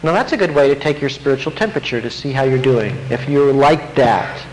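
A man preaching a sermon, animated, acting out quotes and asking the congregation questions. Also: mid-range voice, fairly quick, a little hiss or hum, poor audio.

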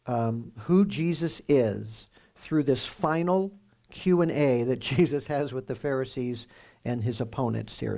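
A man pastor teaching through a Bible passage in a conversational, explanatory way, with animated emphasis. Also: medium pitch, gravelly.

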